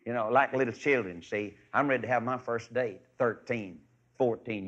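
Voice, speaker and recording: A man preaching a folksy radio sermon, animated and swinging between loud and soft. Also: mid-range voice, normal speed. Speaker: evangelist. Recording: dull lo-fi archive radio recording.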